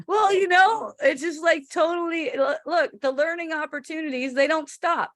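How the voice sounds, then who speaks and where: High-voiced chatty woman teacher. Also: normal speed, few pauses, a bit bright, no room sound, clean studio sound. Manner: rambling, chatty, swears casually, laughs often. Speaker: spiritual teacher answering a listener. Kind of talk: casual spiritual talk.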